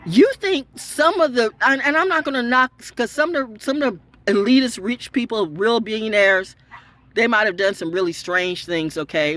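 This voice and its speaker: A woman broadcaster talking in a profane, unscripted rant, swinging from loud high outbursts to low mutters. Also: moderate pace. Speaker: online storyteller and broadcaster. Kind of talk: unscripted ranting monologue.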